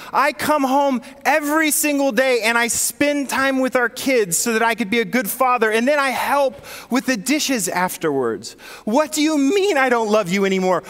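A man's voice: very high-pitched, a bit bright, big-room sound, voice pushed up. A man quoting a baffled husband who protests his effort, in a raised voice during a sermon. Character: defensive puzzled middle-aged husband.

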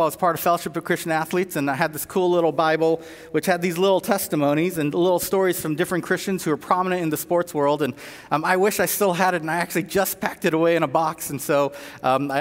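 A man with a high voice preaches in a church, weaving in stories with frequent fillers and restarts. His words carry a long reverb through the large room. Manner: storytelling with many restarts and fillers. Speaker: pastor. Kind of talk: sermon.

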